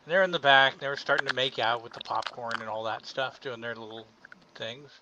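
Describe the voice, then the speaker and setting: A man's voice: medium pitch, fairly even intonation, fairly quick. A man making wry, joking remarks in a casual group chat. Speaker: chat participant. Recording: muffled lo-fi mic with faint hiss.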